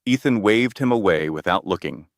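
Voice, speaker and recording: A man narrating a scripted dramatic story in a measured storytelling manner. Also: fairly low pitch, animated, dry recording, studio quality.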